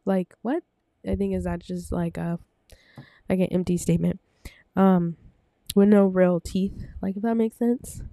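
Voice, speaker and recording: This Bible teacher has a fairly low, warm voice and an unhurried pace, keeping her intonation fairly even. Her casual talk wanders, packed with fillers and self-corrections, and she seems slightly out of breath. It's a dry recording made on a desk microphone.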